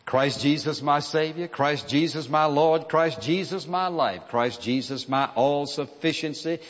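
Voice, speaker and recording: A man's voice: a little high, animated, a little slow, long reverb tail, highs cut off. A man preaching a sermon in an earnest, emphatic way, driving points home with repeated phrases.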